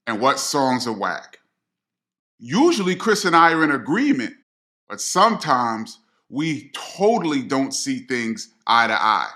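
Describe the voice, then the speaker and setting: A middle-aged man, a DJ telling a personal story straight to his viewers in a slangy, animated way. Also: medium pitch. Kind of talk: storytelling to camera.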